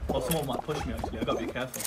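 A young man giving excitable live commentary on his gameplay, swinging from muttering to shouting. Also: mid-range voice, very fast. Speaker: gaming YouTuber. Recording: music playing under the voice.

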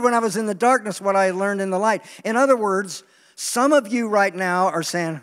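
A man preaching a sermon in an animated, joking way, acting out the voices he quotes. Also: high voice, fairly quick, long reverb tail. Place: large meeting hall.

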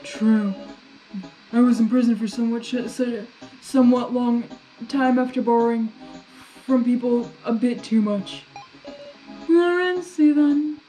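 A woman's voice: on the high side, warm tone, natural voice, rough recording. A woman voicing a haughty, scornful adult male prisoner from a video game, prim and condescending as she reads his lines aloud. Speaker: game character read aloud.

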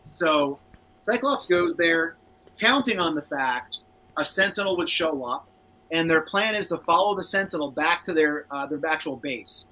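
A man's voice: a little high, lively intonation, normal speed, bright, forceful tone, low-quality recording. A man co-hosting a casual cartoon rewatch show, chatting and reading out viewer comments. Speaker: podcast co-host.

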